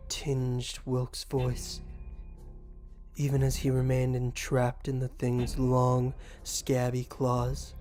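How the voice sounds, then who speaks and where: A man reading a horror story aloud in an even, scripted storytelling manner, with faint music behind. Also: medium pitch, drawn-out words.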